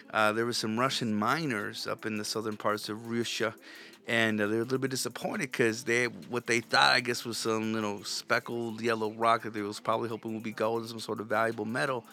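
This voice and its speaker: A man's voice: medium pitch, creaky, sharp tone. Profane, ranting male podcast host. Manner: loose and conversational, frequent restarts. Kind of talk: solo podcast monologue.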